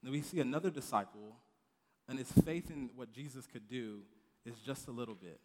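A man delivers a relaxed, conversational sermon to a youth group, repeating and restarting words as he goes. He acts out quotes and asides in lively little voices. His voice carries a long hall reverb. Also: mid-range voice, normal speed, a little hiss or hum. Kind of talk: casual sermon.

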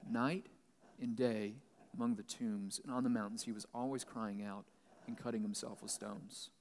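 A man's voice: on the low side, steady tone, normal speed, darkish tone, slight background noise. A man pastor giving Bible teaching, reading a passage and then explaining it plainly. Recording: long reverb, large hall.

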